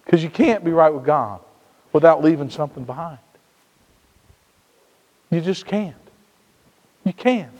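A man from Indiana preaching a sermon as pastor, swinging from hushed, low passages to loud, slow, emphatic ones. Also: expressive. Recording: long reverb of a large hall.

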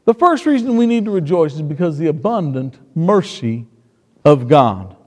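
A man preaching a sermon, shifting between quiet storytelling and emphatic points. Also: fairly high pitch, sing-song, normal speed. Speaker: pastor. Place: church sanctuary. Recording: long reverb of a church hall.

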